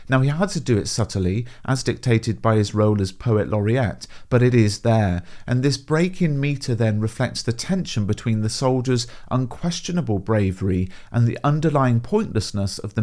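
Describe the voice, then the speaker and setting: A man of middle pitch gives a scripted poetry revision lesson. He speaks clearly and at a measured pace, and he leans on the key words as he explains. The delivery sounds like a teacher working through an exam topic. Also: a little mellow. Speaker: English teacher.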